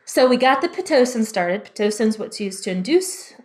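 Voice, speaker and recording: Guesting on a podcast, a former labor and delivery nurse in her thirties narrates with a slightly high, brisk voice. She's a lively storyteller, acting out her past words as quoted lines.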